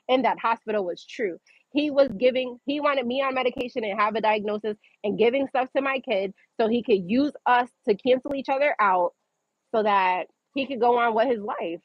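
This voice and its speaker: A woman's voice: a little high, no echo, lo-fi sound. A young woman recounting a frightening personal ordeal in casual, profane, emotional storytelling as a livestream host. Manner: emotional, profane, fast-running retelling.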